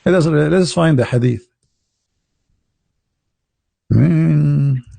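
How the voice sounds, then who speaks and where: A man hosting an online talk, speaking in a mocking, sarcastic, rambling manner. His voice sits fairly high, with a gravelly, husky edge. The sound is dry, with no room echo. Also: very slow, warm tone. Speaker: online debate host. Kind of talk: casual livestream talk.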